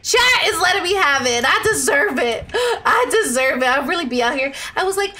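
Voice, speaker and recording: Young woman streamer, high and bright-voiced, excitable gaming chatter with chat. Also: moderate pace. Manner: excitable, squealing, talks to chat. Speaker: Twitch streamer.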